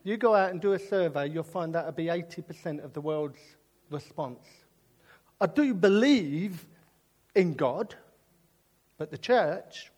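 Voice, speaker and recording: A British man preaching with a high, bouncing voice that swoops up and down as he jokes. His sermon mixes comic storytelling with earnest appeals. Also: a little slow, long pauses, slightly rough. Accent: British English. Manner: animated and jokey, drifting into earnest preaching.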